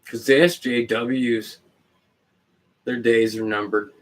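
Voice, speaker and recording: Streamer, male, slow unhurried delivery, rambling profane rants at chat. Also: medium pitch, fairly even intonation. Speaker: livestreamer. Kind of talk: casual livestream chat.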